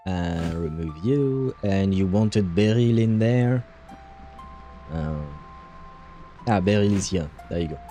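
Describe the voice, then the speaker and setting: Lively low-voiced male game streamer. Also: takes it slowly, long pauses, soft background music. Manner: chatty, laughs often, stumbles over words. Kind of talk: casual gaming stream chat.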